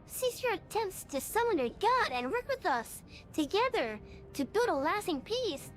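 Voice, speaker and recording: A woman's voice: very high voice, normal speed. Woman as an earnest young peace envoy. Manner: calm, earnest, persuasive. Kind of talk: video game cutscene acting. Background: faint music score.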